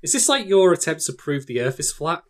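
A man co-hosting a casual podcast, teasing his partner with quick-witted banter. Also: on the high side, sing-song. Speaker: podcast co-host. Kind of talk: casual anime discussion chat.

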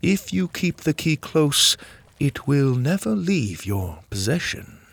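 A man voicing a solemn, wise male servant of light, speaking in a slow and grave way. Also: fairly high pitch, very animated, gravelly, no room sound, voice pushed up, full character voice.

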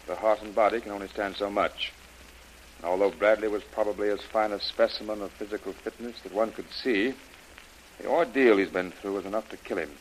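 A man playing a calm, grave doctor. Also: lowish voice, brisk, lightly acted, poor audio. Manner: calm, careful, clinical. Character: grave hospital doctor, middle-aged man. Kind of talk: 1930s radio drama acting. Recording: hissy old radio recording.

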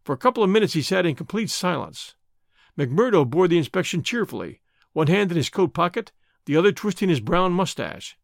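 A man narrating a classic story in a measured, expressive storytelling voice. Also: high voice, gravelly, dry recording, clean studio sound. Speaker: audiobook narrator.

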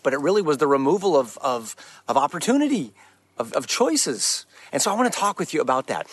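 A man's voice: a little high, no echo. A man giving an earnest, emphatic preaching talk as a Christian speaker, restarting his phrases often.

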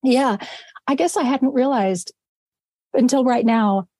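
Mellow-voiced woman host, dry sound. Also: high-pitched, slow pace, no room sound. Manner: curious, asks long winding questions. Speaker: podcast host. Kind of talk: interview questions.

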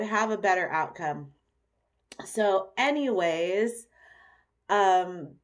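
A young adult woman hosting a solo podcast, talking in a chatty, candid and self-deprecating way. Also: medium pitch. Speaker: podcast host. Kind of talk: casual solo podcast chat.

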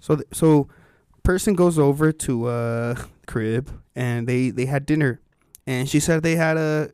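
A man's voice: mid-range voice, unhurried, a little mellow, clean tone, dry recording, studio quality. A young man in casual chat, joking and chatty, laughing often.

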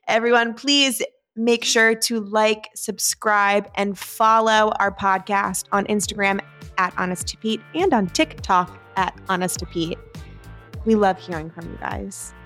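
A woman's voice: mid-range voice, unhurried, soft background music. A woman hosting a casual podcast chat with her mother, laughing often and reading the sign-off, in an apartment. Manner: warm laughing, signs off the show. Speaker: podcast host, daughter.

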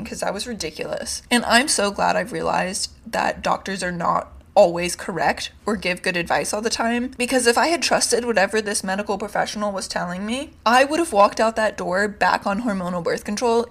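Brief: young woman, solo podcast storyteller, frank and fed up, mid-pitched. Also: vocal fry, a bit bright. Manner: candid, exasperated, swears freely. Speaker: podcast host. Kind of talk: casual storytelling monologue.

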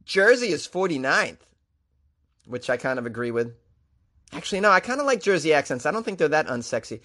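A man's voice: fairly high pitch, sing-song, moderate pace, pauses often, pushed and bright. A man with a Boston accent, a comedian hosting a comic news show with wry, joking asides. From Boston area.

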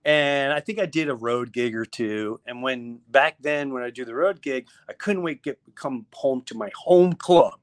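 Middle-aged male comedian, mid-pitch, animated anecdote teller with lots of restarts. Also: normal speed, few pauses. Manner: animated, acts out quoted voices, many restarts. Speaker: comedian guest. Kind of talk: casual storytelling.

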